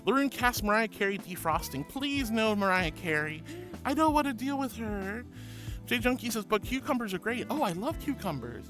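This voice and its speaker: A man with a high, bright voice reads his live chat aloud. He is playful and giggly, calling everyone honey and sweetie. Soft music runs faintly underneath. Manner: affectionate, calls viewers honey and sweetie. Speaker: streamer. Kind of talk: live-stream chat reading.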